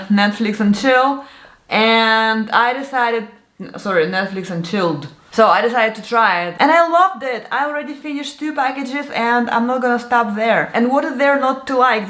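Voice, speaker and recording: A woman's voice: fairly high pitch, fairly bright tone. Chatty woman in an echoey room. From Siberia. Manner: chatty, candid, laughs often. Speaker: vlogger. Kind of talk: casual product review chat.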